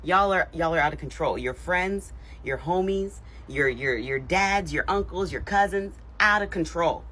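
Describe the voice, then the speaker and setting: A woman's voice: lowish voice, normal speed, hardly any pauses, fairly bright tone. A woman giving social media commentary, emphatic and repetitive with a sassy edge.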